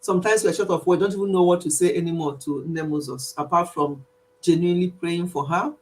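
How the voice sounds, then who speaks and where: A middle-aged woman with a Nigerian accent hosting a live stream chat, animated and emphatic, repeating herself and laughing often. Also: lowish voice, fast. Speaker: YouTube channel host.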